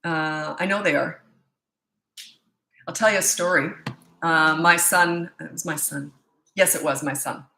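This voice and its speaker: A woman's voice: sits low, fairly even intonation, measured pace, pauses often, bright, forceful tone, reverberant, a little hiss or hum. A woman in her sixties from Canada, a parenting coach answering viewer questions in a blunt, firm, opinionated way with rambling asides. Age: 60s.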